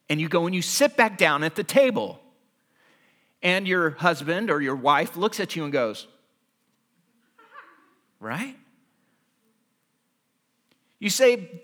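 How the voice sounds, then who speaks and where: A man delivering a sermon from the pulpit, his voice high and bright. He swings his pitch widely as he tells everyday stories and acts out little scenes. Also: moderate pace. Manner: animated storytelling, acting out everyday scenes. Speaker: pastor.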